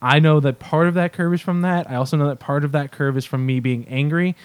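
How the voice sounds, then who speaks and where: A man's voice: a little high, fairly even intonation, clear, resonant tone, no room sound. Chuckling, rambling casual man. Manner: chuckling, rambling, halting restarts. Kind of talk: casual chat.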